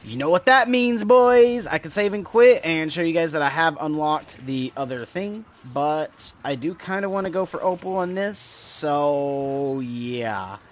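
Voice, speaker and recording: A man's voice: a little high, animated, measured pace, hardly any pauses. Rambling man streaming a game. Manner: rambling, talks to chat, imitates sounds. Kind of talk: casual gameplay commentary.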